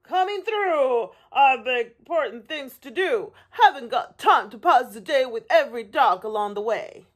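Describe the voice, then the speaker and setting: A woman's voice: high voice, animated, measured pace, hardly any pauses, pitched above the performer's own voice. A woman voicing a big, self-important male dump truck in a storybook reading, brusque and impatient.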